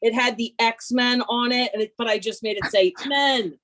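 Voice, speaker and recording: A woman in her fifties telling a comic story over a video call, brash, animated and self-mocking. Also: on the high side, moderate pace. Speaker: workshop participant.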